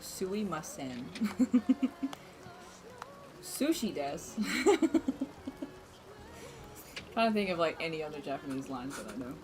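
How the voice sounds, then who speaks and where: A woman's voice: low-pitched, sing-song, a little slow, pauses often, music in the background. A young woman game streamer chatting casually with her live chat and laughing often between lines. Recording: noisy room ambience.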